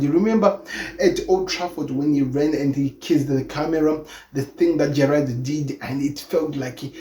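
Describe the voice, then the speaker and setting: A man's voice: mid-range voice, mellow. A man giving his opinion on football in an earnest, emphatic way, often repeating himself as he hosts his own channel. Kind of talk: opinion commentary monologue. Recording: echoey room with faint ambient noise.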